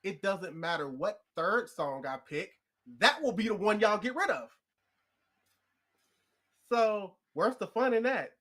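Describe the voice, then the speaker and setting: A man's voice: high voice, expressive, a little slow, pauses often, a bit bright. A man hosting a casual podcast chat, steering the talk in a playful way and explaining his choices. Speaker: podcast host.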